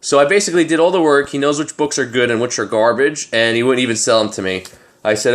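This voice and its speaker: A man, tired, telling a story to his vlog audience in a casual, animated, street-casual way. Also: medium pitch, fast talker. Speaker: comic collector vlogger.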